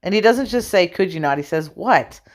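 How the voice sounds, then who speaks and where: A woman at home giving casual commentary on scripture, reading verses slowly and laughing often as she talks. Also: mid-range voice, animated. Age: adult. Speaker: religious video host.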